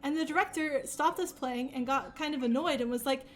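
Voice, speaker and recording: A woman's voice: sits high, brisk, hardly any pauses, a little hiss or hum. A young woman streaming a game, chatting casually and rambling, with frequent laughs and fillers. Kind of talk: casual chat while playing.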